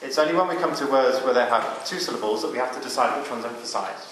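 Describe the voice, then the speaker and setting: A man's voice: mid-range voice, fast, fairly bright tone, slight background noise. A man leading a psalm chanting workshop, explaining each step to the group and singing example lines. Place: cathedral. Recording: very echoey cathedral with music.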